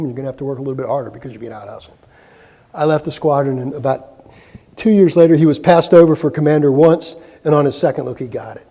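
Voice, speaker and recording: A middle-aged man gives a keynote speech in a large meeting hall, his medium-pitched voice gravelly and mellow with a breathy edge and a long reverb tail. He tells anecdotes conversationally, with fillers and restarts.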